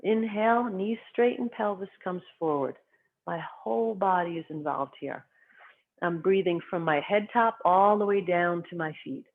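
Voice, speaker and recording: Qigong instructor, calm breath cues, mid-pitched voice, thin phone-like audio. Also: normal speed. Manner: calm, short spoken cues paced to the breath. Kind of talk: guided qigong class instruction. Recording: tinny phone-like sound.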